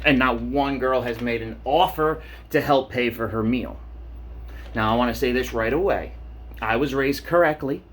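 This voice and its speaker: In a medium-pitched voice at a moderate pace, this late-thirties vlogger rants in his home shower, his profane, rambling monologue steadily getting him more worked up.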